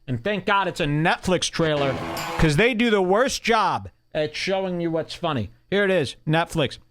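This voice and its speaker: A man's voice: a little high, animated, normal speed, over music. A man hosting a podcast, ranting casually with a mocking, profane edge. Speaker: podcast host.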